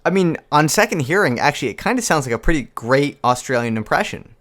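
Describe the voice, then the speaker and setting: A man's voice: on the high side, very animated, fast talker, fairly bright tone, slight background noise. A man hosting a comedic video commentary, sarcastic and incredulous. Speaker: commentary youtuber.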